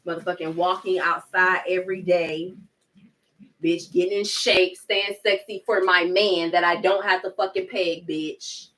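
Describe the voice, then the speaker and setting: A woman's voice: fairly low pitch, fairly even intonation, a little slow, a bit bright. A woman vlogger ranting candidly while she cooks in her home kitchen, blunt and heavy on profanity. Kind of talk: candid rant while cooking.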